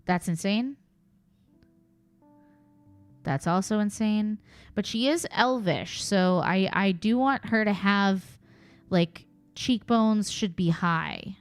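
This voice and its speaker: A woman's voice: mid-range voice, slow pace, long pauses, clear, resonant tone, no echo. A woman streaming in casual, chatty commentary, thinking aloud with playful asides.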